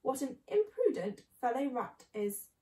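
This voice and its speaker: A woman's voice: sits high, very animated, a little slow, dark tone, echoey room, far from the mic. A woman voicing a clever, cheerful male fox and father, in a storybook reading. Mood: pleased.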